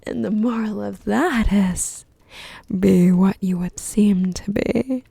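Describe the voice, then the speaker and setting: A woman voicing a pompous, moralizing old Duchess in a whispered role-play, lecturing in a slow, drawn-out way. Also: medium pitch, vocal fry, warm tone, breathy edge, no echo, pitched below the performer's own voice, exaggerated voice.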